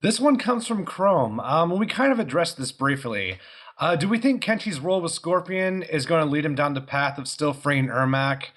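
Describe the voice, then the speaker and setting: Male co-host reading listener mail; slightly high, very expressive intonation. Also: moderate pace. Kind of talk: casual chat.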